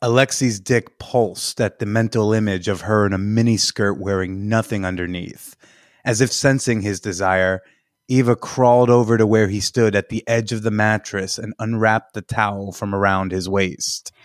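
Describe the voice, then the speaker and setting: A man's voice: on the low side, steady tone, moderate pace, no room sound, studio quality. A man hosting a podcast, reading fiction aloud in a matter-of-fact way with joking asides. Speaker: podcast host.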